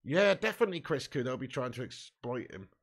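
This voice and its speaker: A man hosting a live fan watch-along, commentating excitably, swearing freely and shouting at chances. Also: mid-range voice, fairly quick, creaky.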